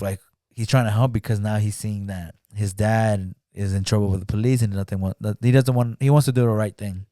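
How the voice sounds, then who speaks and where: A man's voice: lowish voice, warm tone, no echo, clean studio sound. A man in a casual podcast chat retelling a film plot, rambling with lots of "like" and acting out the characters' lines. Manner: rambling, heavy use of "like", acts out quotes. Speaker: podcast guest.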